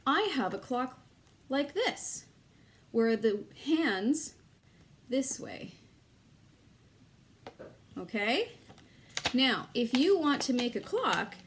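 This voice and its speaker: A woman's voice: high-pitched, very animated, slow, pauses often, a little hiss or hum. A woman leading a children's activity lesson as an early childhood educator, coaxing young kids in a sing-song voice and inviting them to join in.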